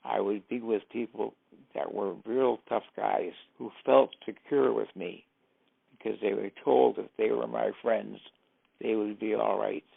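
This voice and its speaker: Gravelly older man telling stories. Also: on the low side, fairly even intonation, measured pace. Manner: anecdotal, acts out quoted speech. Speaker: interviewee, former driver and informant. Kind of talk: storytelling interview. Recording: tinny, phone-like sound.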